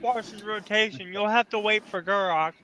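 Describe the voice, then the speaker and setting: A man's voice: sits high, moderate pace, pushed and bright. A man co-hosting a casual sports podcast, eagerly explaining news and repeating words as he goes. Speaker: podcast co-host. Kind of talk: casual chat. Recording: noisy room.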